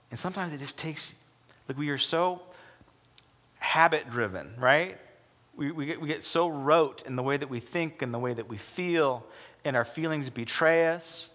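A man's voice: fairly high pitch, moderate pace, bright, forceful tone. Emphatic male pastor preaching in a reverberant hall. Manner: emphatic, acts out quoted dialogue. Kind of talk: sermon.

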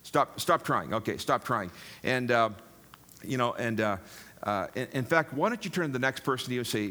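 A man's voice: medium pitch, fairly quick, sharp tone. An older man preaching a sermon in a jokey, rambling way, talking straight to the congregation. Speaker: pastor.

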